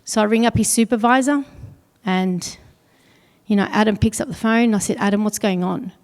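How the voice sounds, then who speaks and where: A woman's voice: on the high side, darkish tone. Earnest woman in a reverberant hall. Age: middle-aged. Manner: earnest, heavy pauses, quotes others in dialogue. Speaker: speaker at an awards event. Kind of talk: personal story told on stage.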